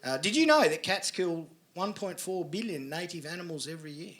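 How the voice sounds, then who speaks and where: Crude high-voiced Australian comic. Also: male voice, animated, brisk, a bit bright. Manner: crude, sarcastic, chatty with crowd. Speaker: stand-up comedian. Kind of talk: stand-up set. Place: comedy club stage. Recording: live club recording with audible laughter noise. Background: audience laughter.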